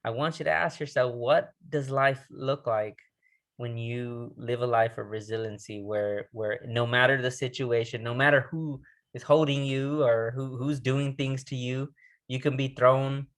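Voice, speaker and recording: A man at a middle pitch giving a recorded resilience training lesson. He speaks in a loose, conversational way, stumbling over and restarting words, and keeps turning questions back to the listener. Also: little pitch movement, a bit bright. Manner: conversational, restarts words, reads poetry slowly and dramatically.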